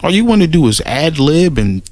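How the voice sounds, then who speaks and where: A commentator making a response video delivers a casual, profane, blunt rant in a slightly high, very animated voice with a darkish tone. Heated moments bring halting restarts and repeated words, recorded with no room sound.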